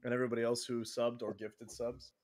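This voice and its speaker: A man's voice: mid-range voice, flat delivery, fairly quick, a little mellow. A man hosting a casual gaming stream, laughing often and swearing casually as he chats. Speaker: streamer host.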